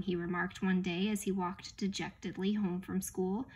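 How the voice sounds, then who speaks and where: A woman narrating a children's novel in an unhurried, expressive read-aloud manner. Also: lowish voice, breathy edge. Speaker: audiobook reader. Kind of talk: storybook narration.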